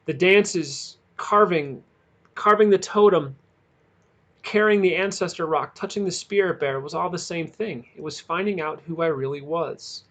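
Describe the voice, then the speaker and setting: A man's voice: a little high, unhurried, fairly bright tone. A man reading aloud and voicing a bruised, remorseful teenage boy who speaks in an earnest, pained and sincere way.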